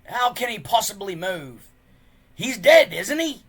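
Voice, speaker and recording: A man voicing a gruff, blustering burly man in a storybook reading, loud and snappish. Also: high voice, big pitch swings, unhurried, voice pushed up, full character voice. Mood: scoffing.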